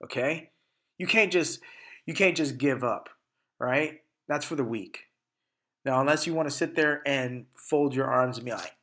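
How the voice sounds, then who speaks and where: A man's voice: medium pitch, unhurried, fairly bright tone. A man in his sixties hosting a podcast, giving a blunt, profane motivational monologue with sudden emphatic bursts. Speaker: podcast host.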